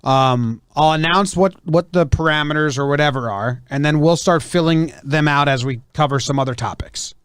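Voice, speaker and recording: Male podcast host, a bit high-pitched, loose hedging chatter, dry close mic. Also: moderate pace, hardly any pauses, clean tone, no echo. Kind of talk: casual chat.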